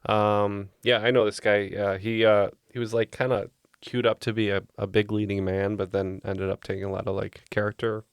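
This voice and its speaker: A man's voice: fairly low pitch, little pitch movement, normal speed, few pauses, smooth, no echo, studio quality. A man playing pub trivia on a podcast, joking and thinking aloud with plenty of fillers. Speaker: trivia contestant. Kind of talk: casual podcast banter.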